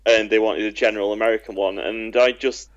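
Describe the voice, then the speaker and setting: A man's voice: on the low side, steady tone, a little fast, no echo, highs cut off. A man standing in as podcast co-host, joking and rambling with frequent restarts. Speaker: guest co-host. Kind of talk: casual podcast chat.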